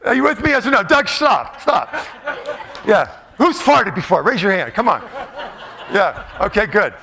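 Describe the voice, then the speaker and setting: A man's voice: high-pitched, sing-song, unhurried, vocal fry, a crowd in the background. A man giving a playful, jokey motivational talk, quizzing a live audience in a large room. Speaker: motivational speaker.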